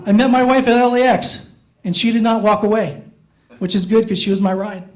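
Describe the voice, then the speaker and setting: A man with a high, light voice telling self-deprecating stories in a stand-up comedy set on a small theater stage. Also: brisk, a crowd in the background, rough recording. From Iowa, USA. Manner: self-deprecating storytelling, jumps up in pitch for inner thoughts.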